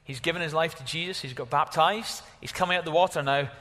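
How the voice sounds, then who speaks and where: A fast-talking pastor gives a sermon in an echoing church hall. His tone is bright and rather high, and he stays animated, sometimes exclaiming, sometimes dropping his voice to a hush.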